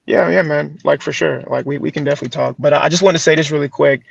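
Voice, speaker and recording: A man joining a call casually, friendly and halting with frequent restarts. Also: fairly high pitch, fairly even intonation, vocal fry, slightly rough, no echo. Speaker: call participant. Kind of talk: casual chat. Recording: dull lo-fi call audio.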